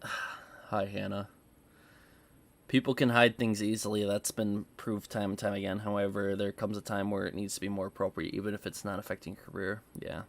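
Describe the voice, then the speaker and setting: A man's voice: lowish voice, level tone, moderate pace, vocal fry. A man commentating on clips in a casual way, thinking aloud and restarting his questions as he goes. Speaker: reaction commentator.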